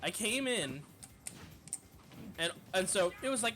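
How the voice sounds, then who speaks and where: A man streamer telling a casual, profane story in an animated way, full of fillers. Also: sits high, measured pace.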